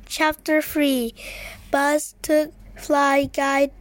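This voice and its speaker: Slow, high-voiced woman reading aloud. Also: flat delivery, dry recording. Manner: slow, careful reading with occasional stumbles. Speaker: reader. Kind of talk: reading a children's picture book aloud.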